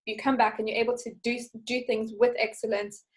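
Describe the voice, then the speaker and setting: Chatty woman guest, slightly high voice, tells stories animatedly and acts out quotes. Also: level tone, brisk, low-quality recording. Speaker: podcast guest. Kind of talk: casual chat.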